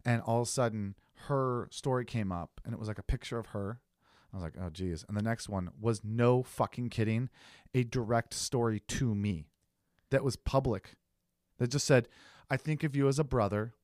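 Casting note: male storyteller with a middle-pitched voice and a lot of energy, swears freely and acts out the texts he gets, recorded close and dry. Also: normal speed, a little mellow, no echo. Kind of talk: casual storytelling chat.

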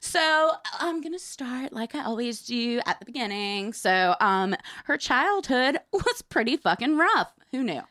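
A woman co-hosting a true crime podcast, telling the case in casual, swearing, animated chat. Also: a little high, unhurried, few pauses, no room sound, clean studio sound. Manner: animated, swearing, laughing storyteller.

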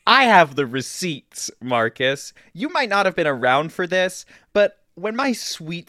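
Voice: medium pitch, fairly bright tone, no echo, clean studio sound. Someone doing a snide, giggling older aunt. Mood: indignant. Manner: drawling, sugary, snide with giggles. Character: passive-aggressive older aunt, spiteful, laughing. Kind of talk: comedy improv of social media comments.

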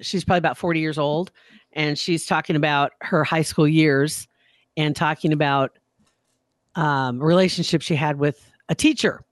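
A woman's voice: low-pitched, steady tone, moderate pace, no room sound. Chatty woman cohost rambling about tv, laughs at herself, dry close sound. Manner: chatty, self-deprecating, restarts sentences. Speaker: podcast co-host. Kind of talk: casual chat.

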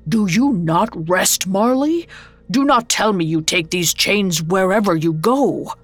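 A woman's voice: medium pitch, expressive, takes it slowly, soft background music. Woman playing a scoffing miserly old man. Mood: alarmed. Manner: scoffing, flustered.

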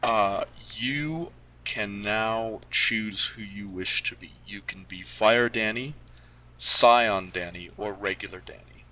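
A man narrating as game master in a loose, halting way, with frequent restarts. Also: fairly low pitch, pushed and bright, rough recording.

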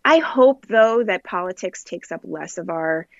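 A comedian from Jamaica, a woman, giving an interview and telling stories in an animated way, laughing often and acting out other people's lines. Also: lowish voice, unhurried, no room sound, muffled recording. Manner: animated storytelling, laughs often, acts out quoted voices. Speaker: comedian, guest. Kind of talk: interview conversation.

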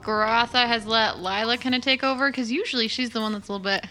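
A woman's voice: on the high side, fairly even intonation, fast, bright, forceful tone, slight background noise. A woman playing a tabletop game, chatting playfully with the group. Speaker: player. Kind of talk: casual tabletop play.

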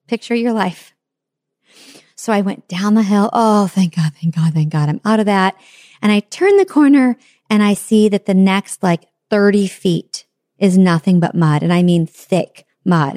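A middle-aged woman telling a funny personal story, self-mocking and animated, acting out her own reactions. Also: medium pitch, no room sound, clean studio sound.

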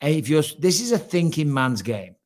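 Energetic joking male sports-show host. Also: on the high side. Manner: energetic, jokey, quick topic shifts. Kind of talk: casual sports talk.

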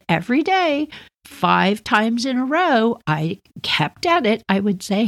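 A woman hosting a podcast, telling a personal story in an animated, chatty way and talking straight to her listeners. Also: on the high side, unhurried. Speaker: podcast host.

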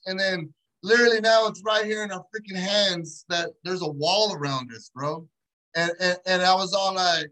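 A man in an interview, telling stories in animated, slangy, profane street talk. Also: high-pitched, brisk, rough recording. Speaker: guest, entrepreneur. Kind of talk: casual interview storytelling.

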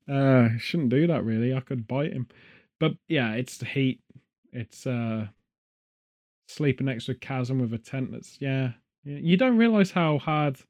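A man's voice: mid-range voice, darkish tone. A man hosting a casual podcast chat, rambling from one story to the next with jokey asides and puns. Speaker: podcast host.

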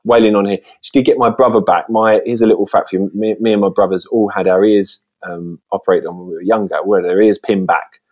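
A man's voice: fairly low pitch, steady tone, fast talker, hardly any pauses. A man telling casual stories as a podcast guest, rambling through many false starts, recorded on a phone.

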